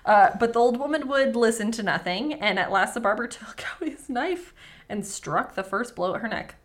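A woman's voice: fairly high pitch, animated, normal speed. An American woman co-hosting a casual podcast, reading folktales aloud and breaking in with profane, joking asides. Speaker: podcast co-host.

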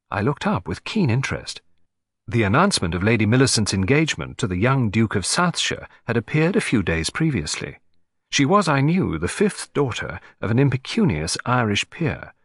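A man narrating an audiobook in the first person, with a measured, dry storytelling manner on a close microphone. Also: fairly low pitch, very animated, fairly bright tone, breathy edge, dry recording.

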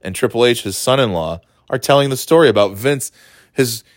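A man hosting a casual podcast, rambling through a story, swearing freely and mimicking people in quick asides. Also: mid-range voice, lively intonation, no echo, studio quality. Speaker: podcast host.

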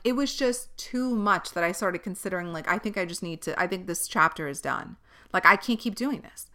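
A woman's voice: mid-range voice, pushed and bright. A young woman hosting a podcast, venting in an exasperated, profane way. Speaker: podcast host. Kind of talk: candid solo podcast monologue.

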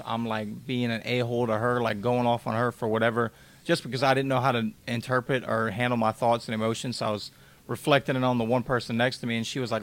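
A man's voice: medium pitch, level tone, quick pace. A man in his twenties, a podcast guest, candidly recounting a hard time in blunt, emotional, casual speech with some swearing. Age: 20s. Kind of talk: candid interview storytelling.

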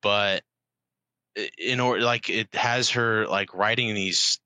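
A man's voice: fairly low pitch, steady tone, slow, sharp tone, no echo. A man in laid-back casual chat, agreeing often and talking with lots of filler words.

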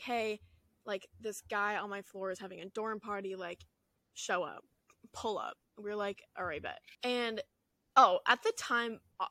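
A young woman in college co-hosting a casual podcast chat, animated and laughing, swearing freely. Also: medium pitch, dry recording. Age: young adult. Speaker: podcast co-host.

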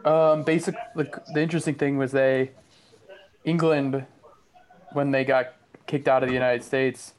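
A man's voice: mid-range voice, little pitch movement, unhurried, long pauses, a little mellow. A man co-hosting a podcast, musing in casual chat with lots of fillers and restarts. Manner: musing, hesitant, filler-heavy.

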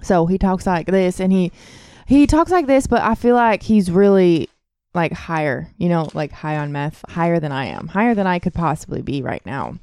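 A woman co-hosting a podcast, chatting casually and playfully with quick reactions. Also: fairly low pitch, animated, darkish tone, smooth, no echo. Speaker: podcast co-host. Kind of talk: casual chat.

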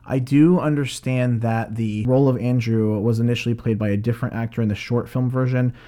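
A man talks through a film review in a loose, casual way, full of fillers and restarts. His voice is dark and mellow, at a middle pitch. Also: fairly even intonation, brisk. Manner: rambling, many fillers and restarts.

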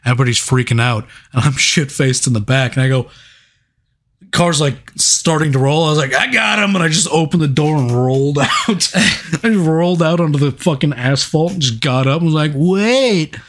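A man's voice: medium pitch, fairly even intonation, fairly quick. Profane young man telling rambling stories. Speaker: podcast co-host. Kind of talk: casual storytelling chat.

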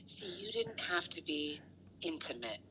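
A woman on a comic phone call, calmly reassuring her friend, then oversharing in deadpan style. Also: low voice, unhurried, breathy edge. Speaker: caller.

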